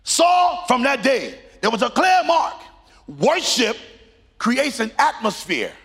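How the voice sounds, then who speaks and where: Middle-aged pastor, high and lively delivery, gravelly and husky, big echoing church. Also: male voice, slow. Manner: preaching with rising emphatic bursts and sung phrases. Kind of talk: sermon. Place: church sanctuary. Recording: long reverb of a large hall.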